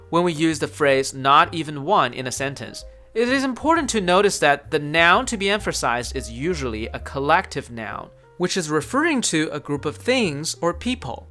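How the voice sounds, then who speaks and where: A tutor whose first language is Chinese, explaining grammar in a clear, scripted lesson narration. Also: medium pitch, sharp tone. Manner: clear, explanatory teaching delivery.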